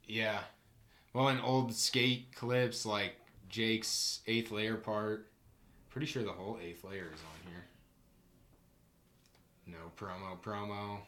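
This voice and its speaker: A man's voice: fairly low pitch, fairly even intonation, takes it slowly, long pauses, fairly bright tone. A man co-hosting a casual podcast, talking loosely with swearing and banter. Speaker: podcast co-host. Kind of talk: casual chat. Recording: echoey room with faint noise.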